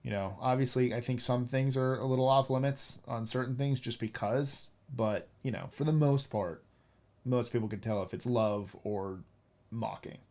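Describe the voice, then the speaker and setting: A man's voice: mid-range voice, steady tone, moderate pace, a little mellow. A man in casual chat, talking animatedly with lots of fillers and restarts. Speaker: role-playing game player.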